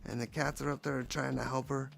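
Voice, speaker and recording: A man's voice: medium pitch, level tone, fairly quick, creaky, a bit bright, a little hiss or hum. A man casually commenting on his own paintings in a playful, rambling, jokey way. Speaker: painter showing his work.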